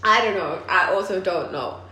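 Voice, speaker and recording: A woman from South Africa co-hosting a podcast in casual chat, animated and laughing often. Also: on the low side, normal speed. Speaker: podcast co-host. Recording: roomy with faint noise.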